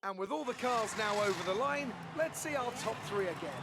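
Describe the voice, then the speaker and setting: A man's voice: high voice, expressive, a little fast, noisy background. A man voicing an upbeat racing commentator announcing results in a video game. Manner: bright broadcast announcing.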